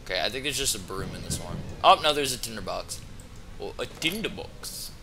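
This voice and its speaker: Amid crowd noise, a young man with a gravelly, fairly low voice commentates on a horror game he's playing. His casual let's-play delivery is quick and animated, and he's jumpy, swearing and exclaiming at every scare.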